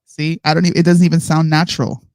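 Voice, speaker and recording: A woman with a North Carolina accent co-hosting a casual live-stream chat, slangy and quick to laugh. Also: low-pitched, dry recording, studio quality. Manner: laughs easily, slangy, relaxed. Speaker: co-host.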